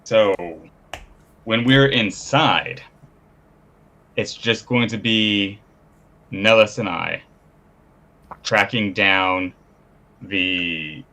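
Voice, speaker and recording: A man playing in a live-play tabletop game, speaking in a measured, formal, halting way. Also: fairly low pitch, pushed and bright. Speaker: player.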